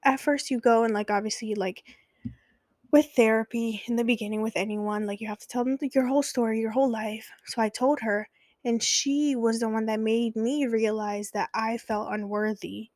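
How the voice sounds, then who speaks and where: Young woman, kinda high voice, dry close sound, talking through her story casually with lots of likes and ums. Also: steady tone, normal speed, darkish tone, no echo. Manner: candid, conversational, many fillers. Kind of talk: personal storytelling.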